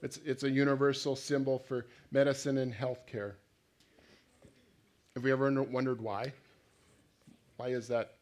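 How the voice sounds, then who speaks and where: Male pastor, mid-pitched, conversational sermon delivery with questions to the room. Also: level tone, moderate pace, long pauses, darkish tone. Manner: conversational, asks the congregation questions, acts out voices.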